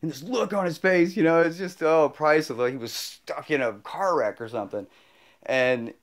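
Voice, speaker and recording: A man's voice: on the high side, moderate pace. A man telling a heartfelt personal story in an earnest, rambling way, full of restarts and growing emotional. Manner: emotional, choking up. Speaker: motorcycle travel vlogger.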